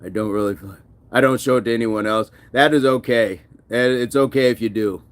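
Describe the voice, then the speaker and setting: A man of ordinary pitch hosts a live workout stream. He chats loosely, reads viewer comments aloud and laughs easily. He talks between sets of push-ups. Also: fairly even intonation, fairly quick. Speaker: fitness livestream host. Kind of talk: casual live-stream chat.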